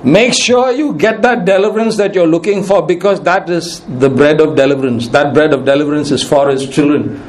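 High-voiced earnest male preacher. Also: a little fast. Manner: earnest, pleading, repeats key phrases. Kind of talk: sermon.

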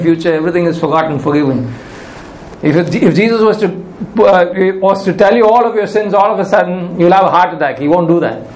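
A man's voice: high-pitched, reverberant, slight background noise, rough recording. A male pastor preaching a sermon, emphatic and repeating his key phrases.

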